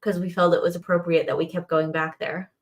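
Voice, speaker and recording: A woman's voice: on the low side, flat delivery, brisk. Woman, livestream host, casual chat, chatty, reads out viewer comments.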